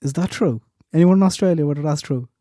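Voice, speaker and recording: A male host chats casually with his panel and passes along viewer comments. His voice is very dark and mellow, recorded with a completely dry sound. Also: fairly high pitch, quick pace, no echo. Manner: chatty, reads viewer comments. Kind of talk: casual chat.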